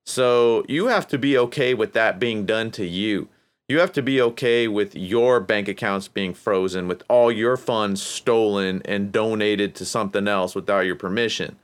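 A low-voiced man talks alone into a podcast mic in a loose, rambling rant. He swears freely and slips into high, mocking impressions of other people. His voice is smooth and clear. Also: normal speed. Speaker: podcast host. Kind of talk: casual solo podcast rant.

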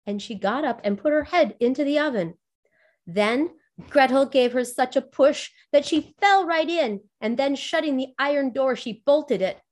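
A woman storyteller reading a fairy tale aloud in a measured, expressive way. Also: high voice.

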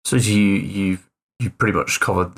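A man's voice: low voice, steady tone, normal speed, fairly bright tone. A man co-hosting a tabletop gaming podcast as a player, talking casually and hesitantly with frequent restarts and the odd swear.

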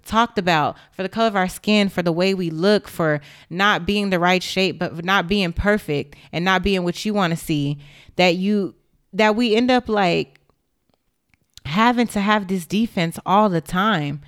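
Young woman, direct-to-camera monologue, indignant and emphatic, lowish voice, dry close sound. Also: unhurried, clear, resonant tone, no room sound. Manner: emphatic, indignant, blunt with swearing.

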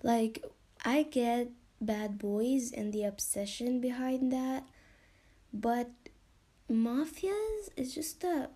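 A woman's voice: a little high, slow, warm tone, slightly rough. A young woman hosting a podcast in a casual, rambling way, full of fillers and swearing, sometimes dropping into a whisper. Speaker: podcast host.

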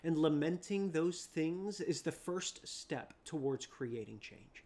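A preacher giving a dramatic sermon, repeating phrases, rising loud then dropping to a hush. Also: mid-range voice, expressive, slow, few pauses.

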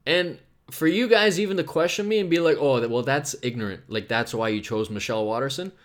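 A man's voice: mid-range voice, a little fast. Rambling, profane male podcast host. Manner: rambling, profane, swings between loud bursts and mumbling. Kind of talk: casual solo podcast rant.

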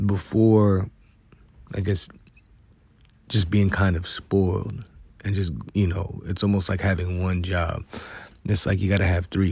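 A man's voice: sits low, vocal fry, darkish tone, husky, no echo. A man vlogging casually as he talks to himself, rambling and reflective, often asking "you know what I'm saying?". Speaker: vlogger and musician.

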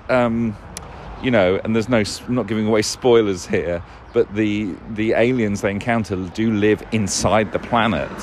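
Man, lowish voice, rambling casual monologue, swears, self-corrects, faint traffic noise. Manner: chuckles often. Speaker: podcast host.

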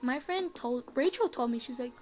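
A woman's voice: high voice, animated, moderate pace, a little mellow, faint music behind. A teenage girl chatting alone on her podcast from her bedroom, rambling and swearing casually. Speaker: podcast host. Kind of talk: casual solo podcast chat.

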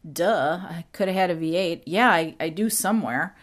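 A woman impersonating a chatty, flustered sitcom mother in fast, gushing run-on chatter. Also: on the low side, close to an everyday voice.

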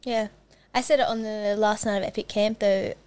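A woman's voice: mid-range voice, steady tone, moderate pace, darkish tone, clean tone. A woman, a youth leader, chatting casually and earnestly in a podcast conversation. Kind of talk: casual chat.

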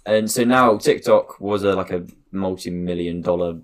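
A man's voice: low voice, normal speed. A young man hosting a casual podcast, rambling and hesitant with lots of fillers and laughs. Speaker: podcast host. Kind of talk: casual chat.

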